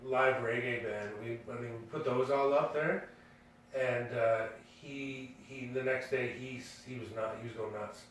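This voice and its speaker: A man's voice: mid-range voice, fairly even intonation, normal speed. A man tells a story in a loose, rambling way, with many fillers and restarts. His voice sits in the middle of the male range. It is picked up from a distance in a room with strong echo and a faint hum. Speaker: podcast co-host. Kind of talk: casual storytelling. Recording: echoey room, distant mic.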